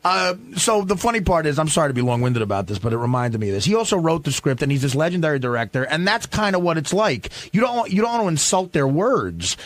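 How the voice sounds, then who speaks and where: A man's voice: a little high, sing-song, quick pace, few pauses, dry recording. A man telling a long, rambling, profane story on a radio show, full of restarts and fillers.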